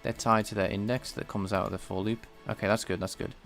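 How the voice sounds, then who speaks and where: A man's voice: fairly low pitch, little pitch movement, fast, vocal fry, a bit bright, soft background music. A man live-streaming his programming work, thinking aloud in a casual, rambling way and chatting with viewers. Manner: rambling and self-deprecating, chatting with viewers between tasks.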